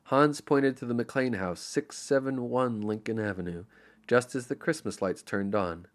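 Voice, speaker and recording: A man narrating an audiobook in an expressive, storytelling manner. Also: mid-range voice, normal speed. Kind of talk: scripted narration.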